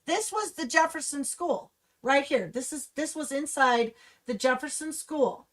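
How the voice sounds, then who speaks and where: A woman hosting a livestream gives angry, impassioned commentary that runs restless and ranting. Her voice sits a touch higher than most. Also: unhurried, a bit bright. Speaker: livestream host. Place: Humboldt County, California.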